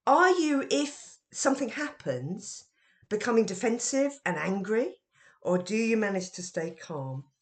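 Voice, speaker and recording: Lively woman explaining classroom management. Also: mid-range voice. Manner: lively and expressive, with emphatic questions. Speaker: teacher trainer and author. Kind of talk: educational podcast talk.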